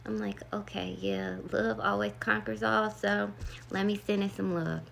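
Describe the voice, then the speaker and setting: A woman's voice: medium pitch, level tone, unhurried, creaky, fairly bright tone, a little hiss or hum. A woman vlogger telling a rambling, earnest story about meditation and love, full of "like" and asides. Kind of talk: casual storytelling to camera.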